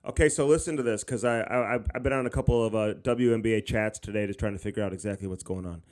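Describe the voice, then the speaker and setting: A man's voice: on the low side, fast talker, darkish tone. A man co-hosting a podcast from his home studio, rambling in a joking, mock-serious way. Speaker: podcast co-host. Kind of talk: casual podcast chat.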